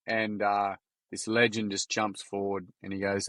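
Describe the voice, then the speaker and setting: An Australian man speaking as a podcast guest, earnest and blunt, with salty casual language. His voice sits fairly low. The sound is dry and close, with no room echo. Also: level tone, a little slow, fairly bright tone. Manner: frank, earnest, salty storyteller. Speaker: podcast guest, youth workshop founder. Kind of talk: casual storytelling.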